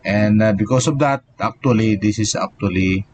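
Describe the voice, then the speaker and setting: A man's voice: fairly low pitch, normal speed, lo-fi sound, noisy background. A man, an engineering professor, giving a live online lecture and explaining step by step, with many "okay" and "so" fillers.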